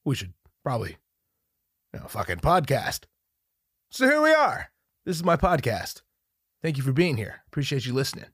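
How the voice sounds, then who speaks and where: Very animated yet given to long pauses, a man in his thirties talks at normal speed in a husky, medium-pitched, fairly bright voice. Alone on his casual podcast, he rambles, jokes and swears freely with lots of self-mockery, dryly recorded on a studio mic in a home room where a dog is close by.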